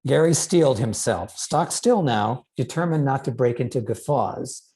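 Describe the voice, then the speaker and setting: A male author reads his own novel aloud, measured and expressive. His voice is dark and warm, with a gravelly edge in the low notes. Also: poor audio. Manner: measured, expressive literary reading.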